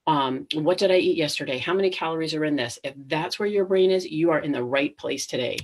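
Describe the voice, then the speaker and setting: A woman's voice: sits low, a little fast, a little hiss or hum. A middle-aged woman hosting a live webinar, talking casually with many ums and restarts and acting out inner thoughts. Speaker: webinar host.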